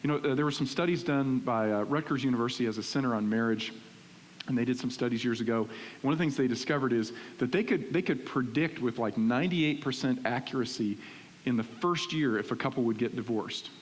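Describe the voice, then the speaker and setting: A middle-aged male pastor preaching in a church, animated and conversational, often checking in with "right?". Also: mid-range voice, a little fast. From Texas. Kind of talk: sermon. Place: church sanctuary. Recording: reverberant church hall with faint hiss.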